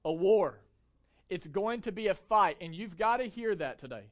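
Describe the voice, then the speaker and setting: Man, young adult, pastor, sermon, high-pitched, emphatic, rhetorical questions. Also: expressive, fairly quick, a bit bright.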